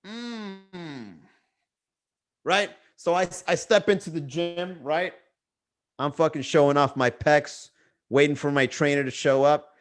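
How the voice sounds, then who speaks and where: A young man with a somewhat high voice hosts a casual comedy livestream. He tells stories in a loose, swearing bro-talk way, like chatting with friends. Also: slow pace. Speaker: comedy podcast host. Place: Miami.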